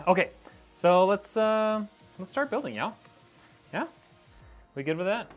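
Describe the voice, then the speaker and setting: Slow-paced yet very animated, a man with a high, gravelly, fairly bright voice rambles casually to his viewers over faint music. He builds a PC while chatting, calls the audience "y'all," and is slightly out of breath in this casual live stream, recorded on a wireless clip-on mic.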